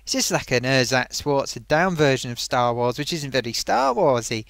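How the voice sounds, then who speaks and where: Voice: medium pitch, expressive, normal speed, vocal fry, no echo. A film reviewer ranting in a rambling, sarcastic, exasperated way, full of ums and little laughs. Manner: frequent fillers and amused laughs.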